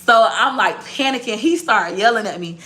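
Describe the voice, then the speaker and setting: A woman business owner telling a story to her viewers in a blunt, profane, animated way. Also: fairly high pitch, normal speed.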